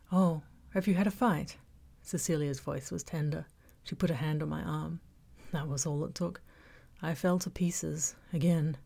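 A woman narrating a novel in the first person, measured and reflective. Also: low-pitched, vocal fry, a little mellow. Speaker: audiobook narrator.

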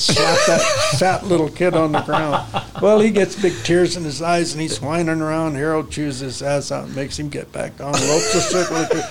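A man's voice: fairly high pitch, noisy background. An older man, a horse trainer, telling folksy stories in casual conversation with salty ranch talk. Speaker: interview guest, horse trainer.

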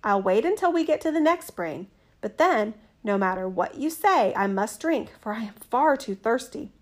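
A woman's voice: a little high, expressive, moderate pace. A woman voicing a sad, thirsty young boy in a fairy tale, speaking earnestly and plaintively.

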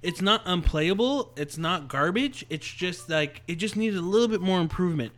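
A man's voice: sits high, animated, moderate pace, fairly bright tone. A man co-hosting a casual podcast, giving emphatic opinions and swearing for emphasis. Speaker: podcast co-host. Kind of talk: casual chat.

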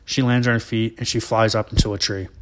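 A man's voice: fairly low pitch, level tone, quick pace. Rambling man telling a story. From Alabama, US. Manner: rambling, profane, laughing often. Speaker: vlogger. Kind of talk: casual storytelling.

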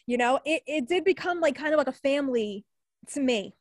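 A woman's voice: high voice, brisk, no echo. A woman in her forties from the New York area with a New York accent, chatting as an alumni guest in a podcast interview, laughing often and full of fillers. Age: 40s. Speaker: alumni guest, former radio newscaster. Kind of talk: casual interview chat.

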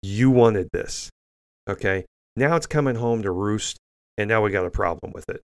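A man's voice: lowish voice, lively intonation, brisk, a bit bright, smooth. An older man hosting an opinionated news commentary show, blunt and scornful, often restarting sentences with fillers.

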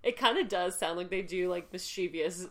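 A woman's voice: lowish voice, a bit bright. A woman co-hosting a podcast, teasing her friend and prodding with questions. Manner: teasing, quick to laugh and question. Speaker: podcast co-host. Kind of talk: casual chat.

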